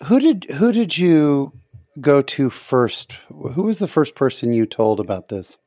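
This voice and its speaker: A woman interviewer asking gentle, sympathetic questions, sometimes repeating her words. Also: rumbling low, big pitch swings, a little slow, dry recording, studio quality.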